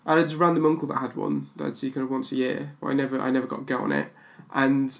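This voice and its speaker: A man's voice: mid-range voice, level tone, fast talker, vocal fry. A man hosting a podcast, chatting casually and rambling with many restarts and fillers. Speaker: podcast host. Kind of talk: casual chat.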